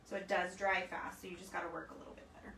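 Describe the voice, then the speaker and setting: A woman's voice: fairly low pitch, little pitch movement, fast talker, creaky, fairly bright tone. A woman hosting a casual live craft demo, chatting with viewers and reading their comments as she works. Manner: chatty, talks to viewers as guys. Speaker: craft livestream host. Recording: roomy echo, mic at a distance, faint background noise.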